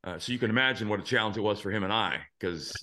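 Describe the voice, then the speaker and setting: Bright-voiced man telling stories. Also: lowish voice, rapid-fire. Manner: earnest, animated storyteller who swears now and then. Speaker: podcast host. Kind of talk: casual storytelling chat.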